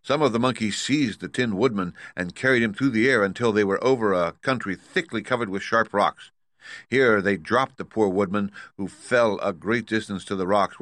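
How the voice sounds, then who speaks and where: A male narrator reads a storybook in a measured, even way. His voice is bright and forceful, a little low, with a dry close-mic sound. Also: no echo. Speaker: audiobook narrator. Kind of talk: scripted narration.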